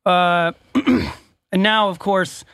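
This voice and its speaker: A man's voice: high voice, drawn-out words, fairly bright tone, clear, resonant tone, no echo, clean studio sound. A man co-hosting a casual talk show, asking questions and often repeating words as he gathers his thoughts. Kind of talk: casual chat.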